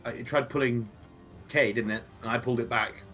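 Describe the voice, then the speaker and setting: A man's voice: medium pitch, steady tone, fast, fairly bright tone, faint music behind. A man playing a tabletop game over a voice call, trailing off and correcting himself as he questions the rules. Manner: unsure, self-correcting, trails off. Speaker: player. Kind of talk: casual tabletop game chat. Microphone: voice chat call.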